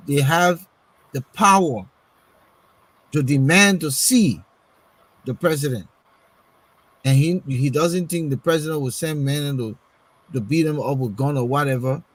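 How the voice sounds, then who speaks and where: Emphatic high-voiced man. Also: a little slow, pauses often, poor audio. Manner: emphatic, rhetorical questions, repeats words while searching. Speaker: panelist on a political talk show. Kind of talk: casual political discussion.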